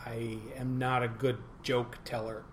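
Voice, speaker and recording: An older man co-hosting a casual podcast, telling a joke in a halting, self-deprecating way with many restarts. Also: medium pitch, level tone, a little hiss or hum. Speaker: podcast co-host.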